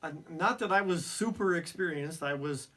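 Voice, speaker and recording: Brief: man, fifties, relaxed storyteller, self-deprecating, laughs a lot. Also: on the high side, moderate pace. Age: 50s. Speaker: podcast co-host. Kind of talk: casual storytelling.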